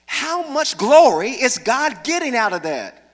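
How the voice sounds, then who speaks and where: A man's voice: very high voice, very animated, a little slow, fairly bright tone. A man, a pastor, preaching a sermon in church with humor and calls for the congregation to respond. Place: church sanctuary. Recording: reverberant church hall.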